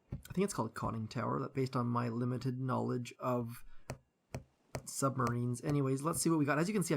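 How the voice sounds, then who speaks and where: A man giving casual live-stream commentary on a game, chatty and rambling, greeting viewers by name and thinking aloud with lots of fillers. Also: mid-range voice.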